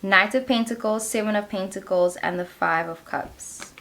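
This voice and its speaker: A woman's voice: medium pitch, moderate pace, a bit bright. A woman reading tarot cards for her viewers in a chatty, giggly way, peppering her talk with 'like'. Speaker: tarot reader. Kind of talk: casual pick-a-card tarot reading.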